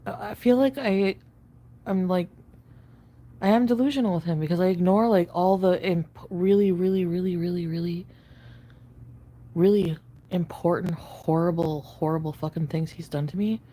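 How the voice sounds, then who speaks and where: A woman's voice: lowish voice, moderate pace, dark tone. Rambling young woman swearing freely. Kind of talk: livestream chat.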